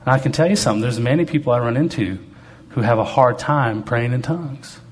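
Male preacher, mid-pitched voice, storytelling sermon, light humor, faint hum behind. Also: brisk. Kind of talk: testimony-style sermon.

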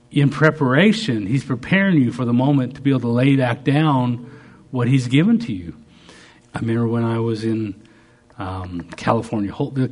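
Guy preaching, kinda husky, gets loud and excited then drops low. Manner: storytelling, bursts of excitement, drops to quiet asides. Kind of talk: sermon.

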